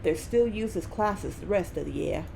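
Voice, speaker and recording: A woman's voice: fairly low pitch, expressive, normal speed, creaky, warm tone, a little hiss or hum, low-quality recording. A woman voicing a drifter woman who lives in a school, with a drunken, cartoonish Southern drawl and a laid-back, world-weary manner.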